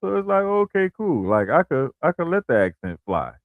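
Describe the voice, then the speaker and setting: A man co-hosting a wrestling podcast in relaxed casual talk, full of "like" and "bruh" and frequent restarts. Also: a little high, normal speed, no room sound, narrow, tinny audio. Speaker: podcast co-host.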